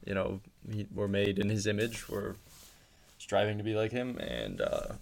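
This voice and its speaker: A man speaks as a guest on a faith podcast. His voice sits low and carries a gravelly fry. He talks in a measured, earnest way. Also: sing-song. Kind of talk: casual faith podcast chat.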